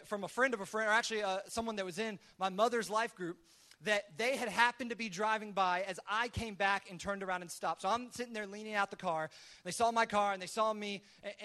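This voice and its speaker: A man preaching a sermon as a pastor, telling stories in a conversational way and acting out the lines of the people in them. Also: high voice. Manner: animated, acts out his own and others' quoted lines; conversational, many restarts. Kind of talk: sermon storytelling.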